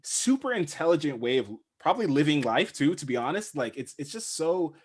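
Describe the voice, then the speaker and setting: A man co-hosting a relaxed recap chat. His pitch moves all over the place as he talks, and he stays playful and expressive. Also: fairly quick, slightly rough. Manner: expressive, laughs often, playful. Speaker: podcast co-host.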